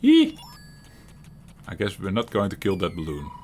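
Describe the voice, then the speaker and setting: Dutch man, lowish voice, very animated pitch, casual gameplay chat, faint background noise. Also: normal speed. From Netherlands. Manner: chatty and rambling, chuckling often, with frequent restarts. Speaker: retro gaming channel host.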